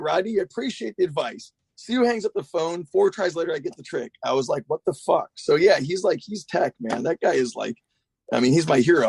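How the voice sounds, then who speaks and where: A man, a guest skateboarder, telling a long story in a rambling, profane, animated way. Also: fairly high pitch, vocal fry, breathy edge, no echo. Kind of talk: casual storytelling.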